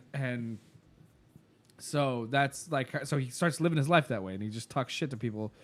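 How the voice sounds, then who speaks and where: A podcast co-host with a mid-range, expressive voice speaks a little slowly as he retells a show scene in casual chat. His account rambles, with lots of fillers and laughter.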